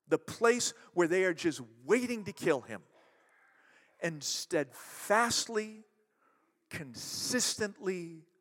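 A male pastor preaching a sermon, emphatic and animated, slowing down dramatically on key words. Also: sits high, in a large hall.

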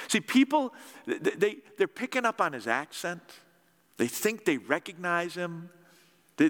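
A man preaching a sermon, telling a story with lively acted-out dialogue and asking the congregation to respond. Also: high-pitched. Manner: animated storytelling, acting out dialogue with audience call-and-response. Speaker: pastor. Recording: echoey hall with long reverb.

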